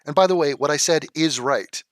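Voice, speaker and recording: A man hosting a live stream from his living room, reading viewer comments and replying in a heated, sarcastic rant full of swearing and drawn-out insults. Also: a little high, no echo, studio quality.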